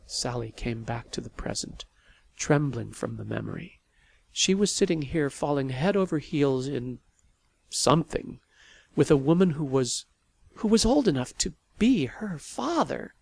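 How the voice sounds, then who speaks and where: A man narrating a novel in an expressive storytelling manner. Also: medium pitch, unhurried, vocal fry. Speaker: audiobook narrator. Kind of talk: scripted narration.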